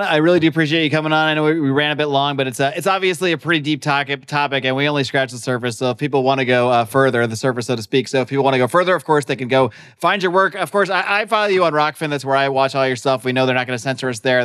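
A male podcast host who talks fast and easily in a smooth, clear voice. He stays agreeable and conversational with his guest. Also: medium pitch, fairly bright tone. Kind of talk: casual podcast interview.

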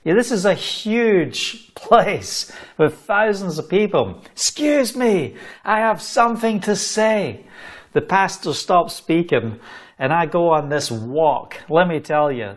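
A man's voice: on the high side, takes it slowly. Scottish man telling a testimony. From Scotland. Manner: animated, laughs between phrases, fillers. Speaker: travelling preacher. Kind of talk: testimony storytelling.

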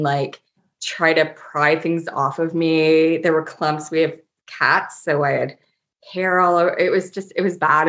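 A woman's voice: fairly low pitch, fairly bright tone. A middle-aged woman, a family doctor, chatting in an interview and telling funny stories about herself with frequent laughs. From Canada. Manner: laughing, self-mocking storyteller. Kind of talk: casual interview chat. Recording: dull lo-fi audio.

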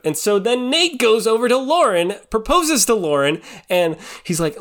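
A man's voice: high-pitched, very animated, moderate pace, few pauses. A young man recapping a reality TV show in casual chat. He rambles, leans heavily on filler words like "like" and "you know", and laughs often as he talks. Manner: laughs often while talking.

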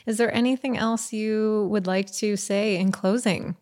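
A woman hosting a podcast, speaking softly and warmly affirming her guest and listeners. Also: medium pitch, steady tone, measured pace. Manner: soft, gentle, affirming. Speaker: podcast host. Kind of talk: podcast host chat and outro.

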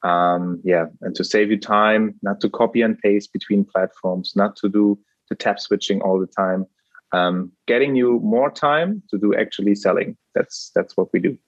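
A German man speaking English as a second language answers interview questions, pausing on frequent ums. His voice is low and husky. The sound is dull and lo-fi, with a dry, close feel. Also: fairly even intonation, dry recording. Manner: hesitant, many ums. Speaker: guest, startup co-founder.

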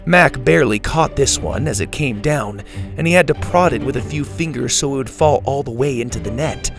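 A man reads a children's adventure story in an expressive read-aloud manner. His mid-range voice has a gravelly texture, and quiet music plays underneath. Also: medium pitch, brisk. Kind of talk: storybook narration.

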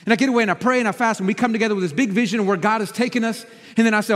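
A male pastor with a high voice preaches to his congregation, telling a personal story. He moves between loud, urgent stretches and hushed, quiet ones. His voice carries a long reverb from the large church hall. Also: very fast. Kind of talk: sermon.

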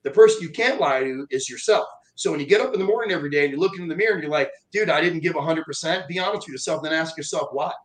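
A man's voice: fairly high pitch, rapid-fire, hardly any pauses, low-quality recording. A man talking as a podcast guest, blunt and profane, telling stories with a lot of energy. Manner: blunt, profane, animated storytelling. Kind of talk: casual podcast chat.

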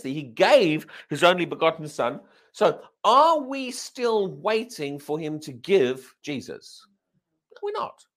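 Animated high-voiced male preacher. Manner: animated, questioning the congregation. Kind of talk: sermon. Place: church service.

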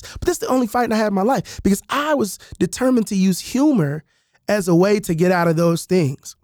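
Fields: Sex: man. Role: podcast host and author. Style: casual storytelling monologue. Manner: animated, rambling, full of fillers. Sound: dry, close-mic'd. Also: high-pitched, vocal fry, no echo. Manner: animated, conversational, many fillers and restarts.

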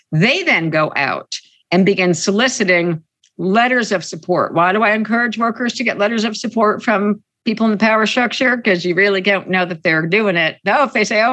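An emphatic woman organizer explains her methods in an interview. She presses on her main points and says them twice. Her voice sits in a middle pitch. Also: a bit bright. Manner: emphatic, repeats key points. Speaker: union organizer. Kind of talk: interview answers.

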